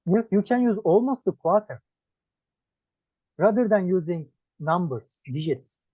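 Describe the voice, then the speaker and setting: A man with a Turkish accent, whose first language is Turkish, teaching English one-on-one and listing words one by one with pauses. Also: sits high, expressive, no room sound. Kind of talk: one-on-one lesson. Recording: dry tinny phone-like sound.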